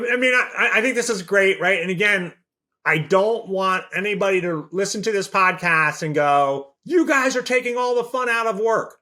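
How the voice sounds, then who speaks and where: A man co-hosting a casual podcast who sounds upbeat as he wraps up with advice. His voice sits high for a man and has a bright, sharp edge. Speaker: podcast co-host.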